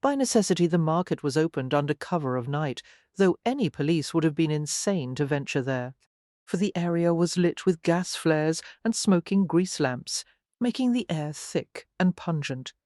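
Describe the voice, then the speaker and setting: An audiobook narrator giving a measured, even scripted reading of a romance novel. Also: medium pitch, no room sound, clean studio sound.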